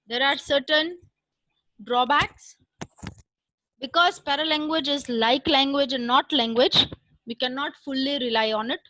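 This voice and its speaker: High, bright woman lecturing. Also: dry recording, rough recording. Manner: measured, explanatory, with frequent fillers. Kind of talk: online class lecture.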